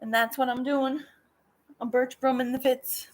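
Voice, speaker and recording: A woman's voice: high-pitched, flat delivery, measured pace. A woman chatting casually with viewers on a home livestream, greeting them and drifting from topic to topic. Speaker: livestream vlogger. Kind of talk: casual live chat.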